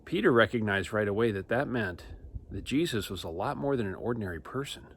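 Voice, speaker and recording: A man telling a Bible story to children in an animated, acted-out storytelling manner. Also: on the low side, fairly quick, breathy edge. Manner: lively, acts out characters and sound effects. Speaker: children's church teacher.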